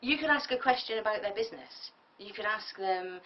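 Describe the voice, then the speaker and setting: A woman coaching public speaking in a tutorial, lively and emphatic, often acting out sample lines. Her voice sits in a middle range for a woman. The sound is dull and lo-fi, as if taken from a mic set a little away from her. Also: mid-range voice, fairly quick, distant mic, a little hiss or hum. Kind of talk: tutorial lecture.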